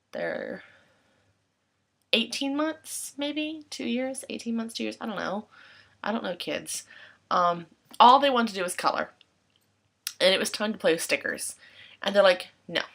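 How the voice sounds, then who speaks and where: Chatty young woman rambling with gravelly edges. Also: mid-range voice, fairly bright tone. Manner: rambling, self-correcting, chatty with quoted asides. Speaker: English teacher in Japan. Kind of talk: casual vlog chat. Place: her apartment at night. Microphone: laptop webcam.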